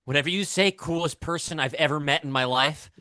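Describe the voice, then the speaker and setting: Man as an excitable teen duelist, bright, dry voice. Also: on the high side, fairly quick, no echo. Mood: eager. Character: eager teen male card duelist.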